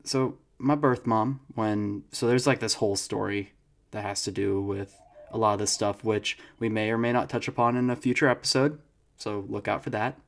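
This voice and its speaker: A young man co-hosting a podcast in casual chat, telling stories with animated laughter. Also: on the low side, normal speed, vocal fry. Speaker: podcast co-host.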